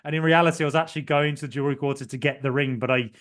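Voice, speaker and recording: A man's voice: medium pitch, steady tone, racing, fairly bright tone. A young man co-hosting a casual podcast, telling a long story in a rambling way with frequent ums and restarts. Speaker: podcast co-host.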